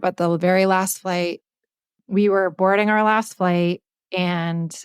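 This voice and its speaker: A woman with a slightly low voice tells a story on a podcast, frank and animated, and she swears casually. The sound is dry and close, with no room echo. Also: clean tone. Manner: candid, swears freely, animated retelling. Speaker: podcast co-host.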